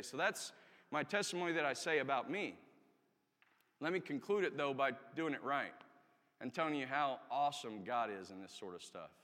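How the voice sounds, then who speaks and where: A man's voice: medium pitch, sharp tone. Earnest preacher man in a reverberant church. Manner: earnest, candid storytelling with emphatic rises. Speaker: army chaplain preaching. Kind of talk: testimony sermon. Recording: long reverb of a church hall.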